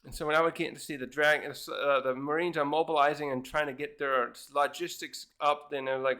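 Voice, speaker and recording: A man's voice: a little high, steady tone, fairly quick, hardly any pauses, pushed and bright. A man casually reviewing a comic chapter, rambling with many fillers and restarts. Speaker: manga reviewer.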